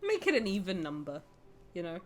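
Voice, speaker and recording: Excitable, dramatic young woman streamer. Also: on the low side, a little fast, soft background music. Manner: excitable, dramatic outbursts, swearing, laughing. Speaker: game streamer. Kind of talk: live stream chat with viewers.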